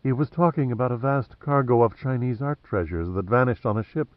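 A man's voice: mid-range voice, a little fast, no room sound, dull audio, natural voice. A man voicing a sultry, teasing woman agent. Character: sultry, dry-witted female government agent.

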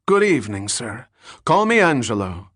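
A man's voice: medium pitch, big pitch swings, normal speed, a bit bright, no echo, studio quality. A man voicing an affable middle-aged bar owner who talks eagerly and boastfully.

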